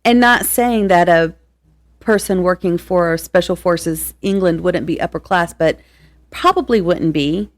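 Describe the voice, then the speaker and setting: An American woman co-hosting a casual book podcast, chatty and quick to laugh, often restarting her sentences. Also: fairly low pitch, no echo. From United States. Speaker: podcast co-host. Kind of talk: casual chat about audiobooks.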